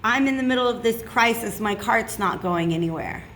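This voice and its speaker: A woman's voice: on the high side, normal speed, fairly bright tone, a little hiss or hum, natural voice. A woman voicing a stubborn, sulking woman in crisis, whiny and dismissive. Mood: sulky.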